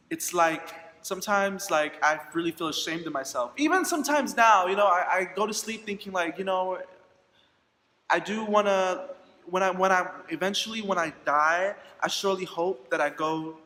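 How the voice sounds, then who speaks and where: Young guy telling a personal story to camera, high voice, lots of likes and ums, roomy echo. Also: moderate pace, bright, forceful tone. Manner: candid, acts out quoted dialogue, many fillers. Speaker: vlogger. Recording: echoey room with long reverb.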